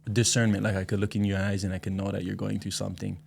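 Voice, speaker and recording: A man in his thirties speaks as a podcast guest in a low voice with a gravelly, fry-edged texture. He tells his story in relaxed, reflective slang. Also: fast. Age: 30s. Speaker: musician guest. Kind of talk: casual interview chat.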